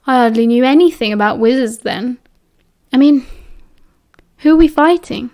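A woman's voice: a little high, measured pace, darkish tone, natural voice. A woman with a British accent voicing a guarded, sullen teenage wizard boy who gives curt, clipped replies in an audiobook. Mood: defensive.

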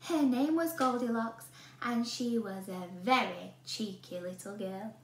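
A woman teacher reading a storybook aloud to children in an animated way, often asking the listener questions. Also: a little high, a little slow. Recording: roomy room with a faint hum.

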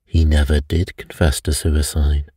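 A man voicing a calm, thoughtful middle-aged priest detective who reasons things out in an unhurried way, read for an audiobook. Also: extremely low pitch, husky, no echo, clean studio sound, heavily acted. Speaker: priest sleuth. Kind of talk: audiobook character reading.

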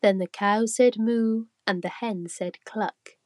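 A woman reading a rhyming children's story aloud, slow and expressive. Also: mid-range voice, dry recording.

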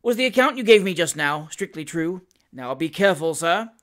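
Reader putting on a pompous old-fashioned magistrate guy, loud and bossy, stammers when rattled, storybook reading. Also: mid-range voice, expressive, moderate pace, natural voice. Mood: pompous stern. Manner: blustering, stern, stammering. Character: pompous, flustered male country magistrate.

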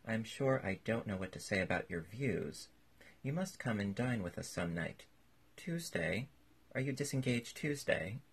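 A man's voice: on the low side, expressive, normal speed, breathy edge. A man reading aloud and voicing a flustered, gushing aristocratic duchess in a raised voice. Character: fussy chattering aristocratic duchess, woman.

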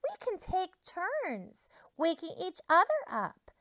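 A woman voicing a group of farm animals in a storybook reading, in a higher, sing-song voice. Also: huge pitch swings, slow, pushed and bright, heavily acted. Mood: confident.

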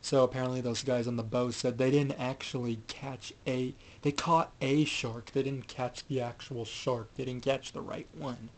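A man's voice: medium pitch, steady tone, moderate pace, few pauses, low-quality recording. Rambling man recapping a film. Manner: rambling, many fillers and restarts. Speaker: film reviewer.

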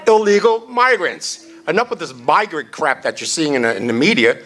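A man's voice: fairly high pitch, sing-song, moderate pace, a bit bright, a faint crowd, a little hiss or hum. A man chairing a party event, giving a blunt, salty, off-the-cuff rally speech.

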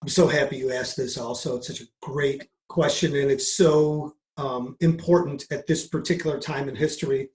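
A man, a mindset coach, answering an interview question with a lively story, acting out the dialogue as he goes. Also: medium pitch, normal speed, hardly any pauses, reverberant. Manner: animated, acts out dialogue in anecdotes. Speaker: podcast guest, mindset coach.

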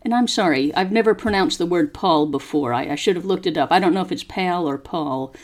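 A woman from Arkansas teaching English on a podcast, chatting casually and then reading a story slowly for learners to repeat. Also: fairly low pitch. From Arkansas, USA. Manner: chatty and relaxed, reading text slowly and deliberately. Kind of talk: podcast lesson with slow read-aloud for listen and repeat.

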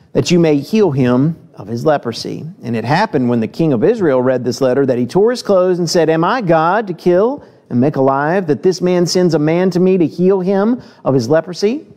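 In a church sermon, a man with a slightly high voice reads scripture using lively acted voices. He then speaks plainly to the congregation, putting direct questions to them.

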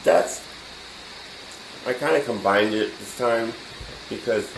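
A man's voice: fairly low pitch, takes it slowly, vocal fry. A man teaching the basics of audio in a casual way, laid back and chuckling often as he talks from his home studio. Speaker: DJ and music production teacher. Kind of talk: casual spoken lesson. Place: home studio room with computer. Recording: roomy room echo, faint noise.

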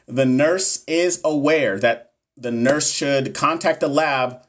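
A man's voice: mid-range voice, slow pace. A man running a live exam review for nursing students. He talks casually and swears often. He keeps the energy up as he works through each question. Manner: casual, profane, hyped-up talk to viewers.

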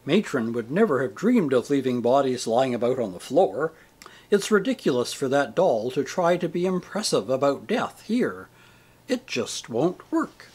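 A man voicing a radiant, saintly woman spirit who speaks tenderly and with gentle teasing in a storybook reading. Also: medium pitch, sing-song, normal speed, husky.

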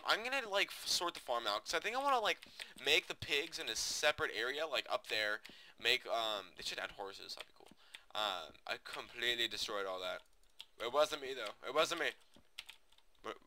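Young guy gaming vlogger, tense bright tone, loose filler-heavy chatter, light typing noise in the background. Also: medium pitch. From United States. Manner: rambling, many fillers and restarts, chatty with viewers. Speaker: gaming video host. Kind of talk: casual rambling commentary over gameplay.

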